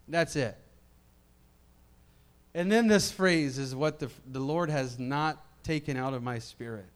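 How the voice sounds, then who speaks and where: A man preaching a sermon to a congregation, swinging between quiet reflective passages and loud emphatic ones, often repeating words as he builds up. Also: fairly high pitch, a little slow, smooth. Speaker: pastor.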